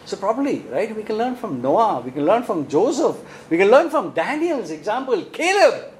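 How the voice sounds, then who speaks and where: His voice sits high and moves at a normal speed as he delivers a sermon in Indian English. He's animated, asks rhetorical questions and keeps tagging "right?", all on a low-quality recording.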